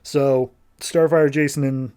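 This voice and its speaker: A man's voice: medium pitch, steady tone, takes it slowly, a little mellow, smooth. A man hosting a podcast, recapping comic books in a loose, joking, casual way and paraphrasing the characters as he goes. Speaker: podcast host.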